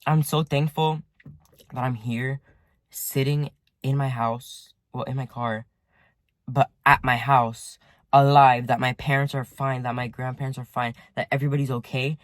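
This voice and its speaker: A teenage boy vlogger, with a male mid-range voice and little pitch movement, tells a casual storytime to his viewers while sitting in his parked car at home. He rambles at a measured pace, saying "like" constantly and swearing often. There's no echo.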